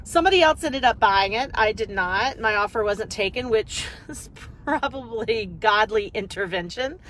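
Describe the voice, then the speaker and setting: A fairly high-voiced woman rambles warmly and energetically through a casual live video chat as a business coach. She talks into her phone in the car on her way to work, and soft road noise hums behind her. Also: normal speed, rough recording. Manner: chatty, rambling, energetic storyteller.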